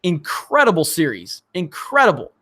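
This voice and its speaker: A man's voice: a little high, wildly swooping pitch, normal speed, bright, forceful tone. A man from Alabama hosting a live stream, chatty and enthusiastic as he reads out viewer chats. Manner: chatty and enthusiastic, many fillers. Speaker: livestream host reading viewer chats. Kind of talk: casual live-stream chat.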